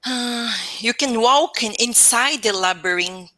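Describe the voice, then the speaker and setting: A woman whose first language is Portuguese, and who has a Portuguese accent, speaks as a student in an online English lesson over a video-call microphone. Her voice is a little high, pushed and bright, at a measured pace with few pauses and no room sound, though she hesitates, restarts often and searches for words.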